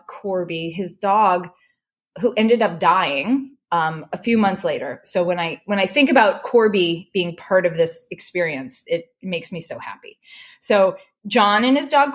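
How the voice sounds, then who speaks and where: Sharing a personal story as a podcast guest, this woman speaks in an animated, emotional way and often starts her sentences over. Her voice sits in the mid range.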